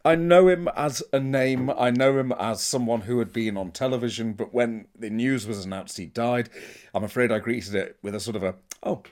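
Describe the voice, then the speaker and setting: A man's voice: mid-range voice, steady tone, normal speed, a little mellow. A man co-hosting a casual chat with dry, mock-grumpy humour. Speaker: podcast co-host.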